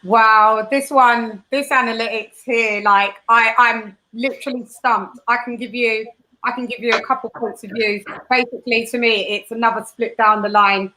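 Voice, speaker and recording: A woman's voice: on the high side, fairly even intonation, normal speed, pushed and bright, a little hiss or hum, poor audio. A woman with a Cockney accent giving her boxing prediction in a chatty, hesitant way. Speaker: boxing analyst. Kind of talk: casual chat.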